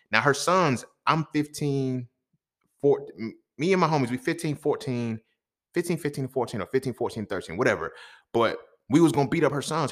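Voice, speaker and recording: A young adult man hosting a podcast, telling a story from his own life in a casual, profane, animated way with lots of slang. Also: medium pitch. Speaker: podcast host.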